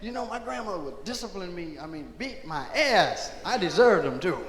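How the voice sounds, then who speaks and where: A man performing live stand-up comedy in a large hall, telling loud animated stories and shouting out character bits. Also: high voice, moderate pace. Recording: echoey live concert vinyl with crowd noise. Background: audience laughter and ambience.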